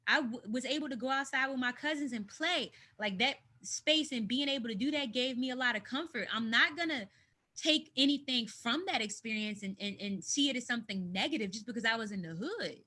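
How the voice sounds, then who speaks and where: An outspoken woman from the United States, talking frankly in an interview over a video call from home. Her voice is bright and a touch high, and she stresses her points with force. She sounds plain and direct. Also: fairly quick. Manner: emphatic, animated, speaks her mind. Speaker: interview guest. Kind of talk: candid conversational interview.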